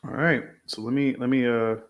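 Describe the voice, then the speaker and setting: A man's voice: medium pitch, fairly even intonation, a little fast, lo-fi sound. Guy hosting a chill podcast, keeps repeating himself, upbeat. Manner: hesitant, repeats words, upbeat. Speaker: podcast host. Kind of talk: casual interview chat.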